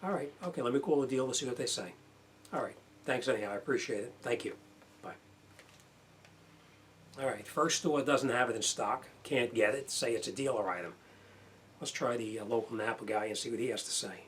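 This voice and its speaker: Plainspoken mechanic in a noisy shop. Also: male voice, medium pitch, brisk, long pauses. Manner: plainspoken, chatty, uses fillers. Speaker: auto mechanic. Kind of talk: casual how-to demonstration. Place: auto repair shop.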